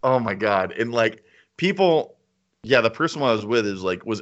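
A man's voice: on the low side, animated, moderate pace, a bit bright. A man chatting casually as co-host, enthusiastic and rambling, often repeating himself. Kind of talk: casual chat. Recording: slightly dull lo-fi sound.

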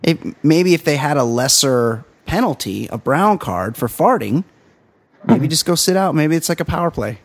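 A man co-hosting a comedy podcast, riffing in casual chat with deadpan jokes. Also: fairly high pitch, moderate pace, gravelly. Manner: joking, deadpan asides with laughs. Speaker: podcast co-host.

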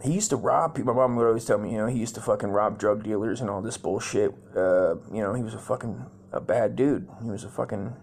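Talking fast with vocal fry and hardly any pauses, this Las Vegas man in his forties has a lowish, slightly rough, somewhat mellow voice. He hosts a comedy podcast, rambling through profane, crude stories and ending lines with dude and man.

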